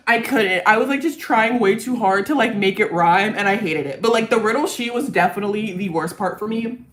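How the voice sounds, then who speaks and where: A woman's voice: mid-range voice, fairly quick. A woman chats on a livestream in a loose, rambling way, poking fun at herself as she goes. Her tone is casual and easily amused, and she wanders between thoughts. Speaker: parody songwriter and streamer.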